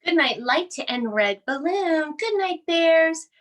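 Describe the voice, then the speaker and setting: A woman leading a children's bedtime yoga class, speaking in a gentle, soothing, sing-song way as she reads a storybook aloud. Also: very high voice, animated, takes it slowly. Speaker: yoga instructor.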